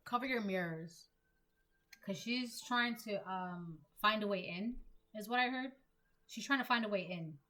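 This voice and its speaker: A woman's voice: medium pitch, unhurried, bright, forceful tone, slight background noise. A young woman giving a casual collective tarot reading, emphatic and repetitive, full of "like". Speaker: tarot reader.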